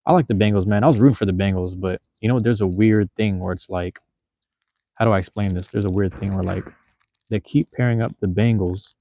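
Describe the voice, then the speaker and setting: A Seattle man hosting a casual livestream talks to his chat in a loose, slangy, profane way. His voice is fairly low and mellow, and the audio is dull.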